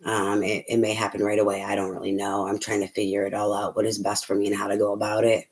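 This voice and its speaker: A man's voice: on the low side, completely flat delivery, quick pace. A middle-aged man, a tarot reader, talking casually and candidly to his viewers, rambling with many fillers and restarts and the odd swear word. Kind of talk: casual personal talk to viewers.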